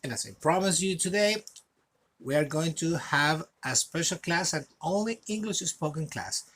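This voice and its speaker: Man teaching a slow English class. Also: on the high side, animated, a bit bright, a little hiss or hum. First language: Spanish. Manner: slow, repeats words for learners to copy. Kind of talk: recorded online class.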